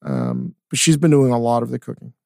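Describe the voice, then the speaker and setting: Heavy vocal fry runs through this man's mid-pitched voice as he chats loosely on a podcast. He swears freely and rattles through product plugs. The sound is close and dry, with faint music behind him. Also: wildly swooping pitch, mellow, no room sound. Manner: rambling, profane, reads ad plugs quickly. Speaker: podcast co-host. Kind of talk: casual chat.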